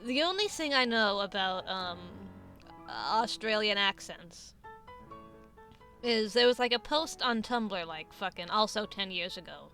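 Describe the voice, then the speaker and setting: Bright, rambling young woman streamer. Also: medium pitch. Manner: rambling, self-interrupting, swears and laughs a lot. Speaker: streamer host. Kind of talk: casual chat.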